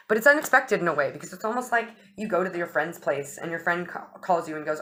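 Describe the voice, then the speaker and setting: Speaking quickly in a low voice that sounds pushed and bright, a young astrology and tarot channel host chats casually, swearing freely and acting out small dialogues.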